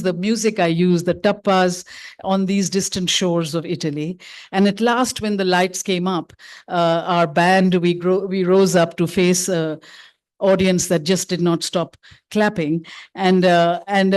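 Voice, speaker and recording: A filmmaker woman from India, giving a memorial lecture through reflective personal stories, pausing on fillers and restarts. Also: lowish voice, a little mellow. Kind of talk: prepared lecture speech told as personal stories.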